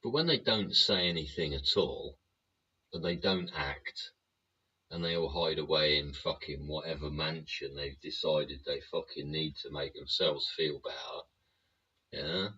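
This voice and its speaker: Host, very low, husky and punchy, swears nonstop in a rant, dull lo-fi sound. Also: male voice, measured pace, sharp tone. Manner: swears constantly, rhetorical tag questions. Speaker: show host. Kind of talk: profane political rant monologue.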